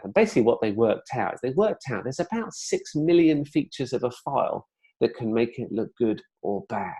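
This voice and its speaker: A man giving an explanatory webinar presentation in a conversational, relaxed way, with plenty of fillers and asides. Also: medium pitch, a little fast.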